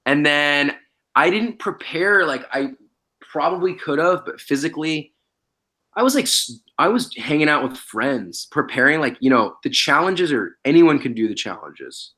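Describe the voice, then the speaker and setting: A man's voice: a little high, sing-song, normal speed, bright, forceful tone. Laid-back slangy young man. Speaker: podcast guest, former reality show contestant. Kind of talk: casual podcast chat.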